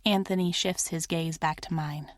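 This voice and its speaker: A woman narrating a first-person romance audiobook in a soft, measured, intimate manner. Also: sits low, fairly even intonation, no room sound, studio quality.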